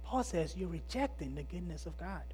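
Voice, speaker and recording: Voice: medium pitch, sing-song, normal speed, faint music behind. Emphatic preacher posing rhetorical questions. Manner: emphatic, asks rhetorical questions, swings between loud and hushed. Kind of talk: sermon.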